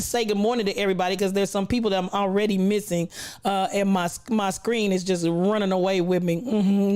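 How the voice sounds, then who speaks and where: A man's voice: sits high, darkish tone, clean tone. A man in his sixties hosting a casual livestream, talking with a folksy, preacher-like cadence and greeting viewers by name. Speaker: livestream host.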